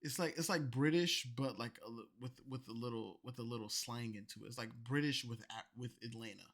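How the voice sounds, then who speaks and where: A man reacting to clips in a loose, profane rant, tipsy, swinging between loud outbursts and low mumbling. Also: brisk. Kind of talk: loose ranting commentary.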